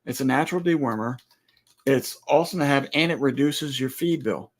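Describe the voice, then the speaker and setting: A man's voice: medium pitch, fairly quick. Teasing man in casual banter. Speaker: co-host of a ranch livestream. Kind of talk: casual chat.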